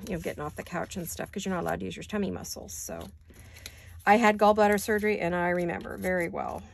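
A woman's voice: on the low side, gravelly, a little hiss or hum. An older woman chatting casually while doing paper crafts at her desk, rambling with apologetic asides. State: hiccups.

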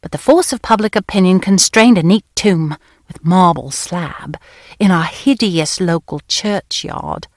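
A woman narrating a novel in the first person, with a crisp, wry storytelling manner. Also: lowish voice, a little slow, no echo, clean studio sound. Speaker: audiobook narrator.

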